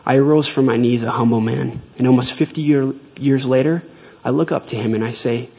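Gravelly, husky-voiced man telling a story. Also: mid-range voice, fairly even intonation, dark tone, rough recording. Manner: measured, earnest storytelling. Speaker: speaker retelling a faith story. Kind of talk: devotional talk with storytelling.

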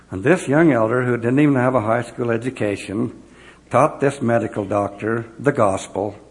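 His medium-pitched voice has a creaky quality. Once a mission president, he addresses an audience in a devotional talk, earnestly recounting personal stories and acting out the conversations he remembers.

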